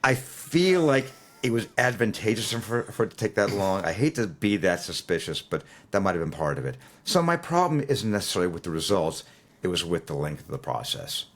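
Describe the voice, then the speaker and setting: Deep-voiced man in his sixties, lively storyteller. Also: fairly quick. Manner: animated, restarts and acts out quoted lines. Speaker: musician guest. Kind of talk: storytelling interview.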